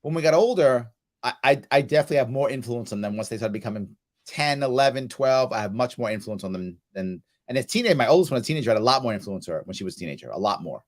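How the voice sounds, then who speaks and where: Animated storytelling man, lively pitch. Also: fast talker. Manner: animated storyteller, acts out quoted lines loudly. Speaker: host. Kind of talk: casual chat.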